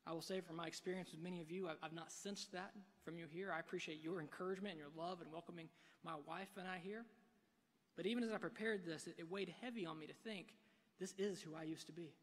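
A man preaching a sermon from a church pulpit, swinging between hushed and loud delivery. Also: on the high side, fairly even intonation, fast. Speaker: pastor. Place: church sanctuary. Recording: long reverb of a large hall.

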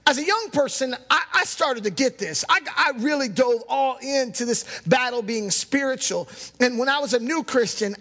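High-voiced man preaching in a reverberant hall. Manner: emphatic preaching, at times shouting. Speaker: pastor. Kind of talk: sermon.

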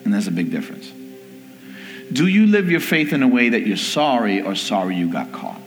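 A man preaching a sermon, telling a family story with lively delivery and acting out the people in it. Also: fairly low pitch, normal speed. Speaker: pastor. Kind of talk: sermon with personal stories. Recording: long hall reverb with faint music.

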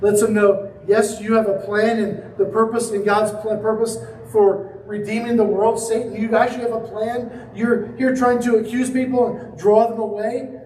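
High-voiced preacher, echoey and distant. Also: male voice, level tone, moderate pace, a little mellow, slight background noise. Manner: storytelling with acted quotes. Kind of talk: sermon.

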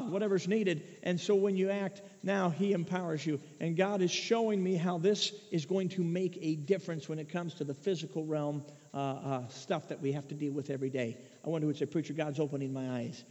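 A man preaching a sermon, swinging between hushed asides and loud shouted peaks. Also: on the high side, steady tone, brisk, hardly any pauses. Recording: muffled echoey hall recording.

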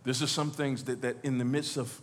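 A man preaching as pastor, talking to the congregation conversationally, acting out quotes and building to loud exhortation. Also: medium pitch, level tone, a little fast, slight background noise. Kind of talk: sermon.

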